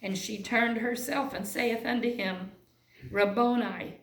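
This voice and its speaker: A woman's voice: on the high side, steady tone, slow pace. An earnest woman preaches in a church sanctuary. Her voice rings around the large echoey room and sounds a little distant from the microphone. She reads scripture in old-fashioned wording between plain talk. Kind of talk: sermon.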